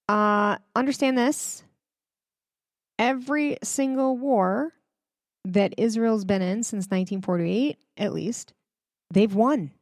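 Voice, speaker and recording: With a medium-pitched voice and clean, echo-free studio sound, a woman delivers casual religious commentary. As host, she talks directly to her viewers, chatty and emphatic, using many fillers.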